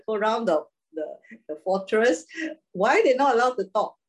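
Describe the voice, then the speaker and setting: A woman's voice: a little high, sing-song, normal speed, low-quality recording. A woman preaching an informal sermon, chatty, often asking her listeners questions and laughing.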